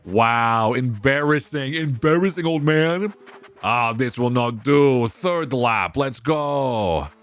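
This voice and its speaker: Excitable swearing young gamer. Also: male voice, mid-range voice, extremely slow, clear, resonant tone, soft background music. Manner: excitable, swearing, loud outbursts. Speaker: gaming commentator. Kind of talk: casual let's play commentary.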